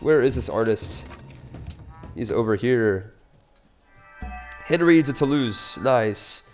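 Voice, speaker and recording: A man's voice: lowish voice, measured pace, long pauses, soft background music. A man casually commenting on his own strategy game playthrough, upbeat and chatty with wry, joking asides. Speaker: let's play host.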